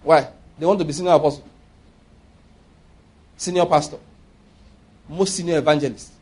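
A man's voice: on the high side, fairly even intonation, moderate pace, darkish tone, husky. A man preaching a sermon, emphatic and often asking his listeners rhetorical questions.

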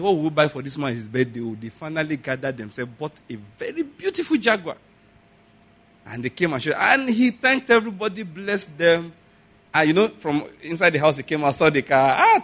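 Man, high voice, sermon, storytelling with bursts of shouting. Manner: storytelling, acts out quoted voices with sudden shouts. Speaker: pastor.

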